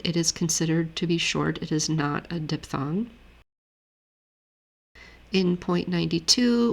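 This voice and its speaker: A woman teaching Greek grammar in a steady, methodical way, walking through a lesson on screen. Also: low voice, vocal fry. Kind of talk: screen-share lesson walkthrough.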